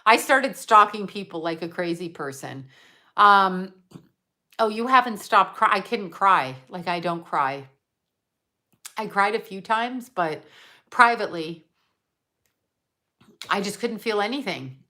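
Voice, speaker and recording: A middle-aged woman, a psychic medium, talking frankly and casually on a live stream, reading viewer comments and often breaking off in halting restarts. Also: mid-range voice, expressive, sharp tone. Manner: frank and profane, halting with restarts when emotional.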